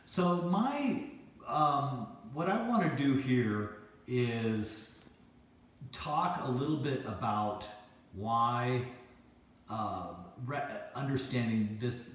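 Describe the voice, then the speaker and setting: A man lectures on poetry at a slow, unhurried pace, often pausing to hesitate and restart. His voice sits in a middle range for a man. It carries the roomy echo of a classroom. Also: medium pitch, expressive. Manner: loose and hesitant, with frequent fillers and restarts. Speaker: poetry teacher. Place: classroom with a chalkboard.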